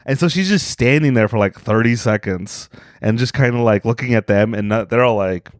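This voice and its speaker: A man's voice: mid-range voice, a little fast, no room sound, clean studio sound. A young man co-hosting a comedy podcast, telling a rambling story with many restarts and acted-out quotes. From Hispanic heritage. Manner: rambling, restarts often, acts out quoted voices. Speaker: podcast co-host.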